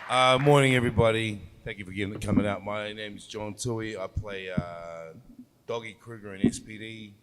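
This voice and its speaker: Low-voiced man on a loud panel. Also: fairly even intonation, moderate pace, crowd noise. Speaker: panel guest, former actor. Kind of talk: casual panel introduction. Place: convention hall stage. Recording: loud crowded hall.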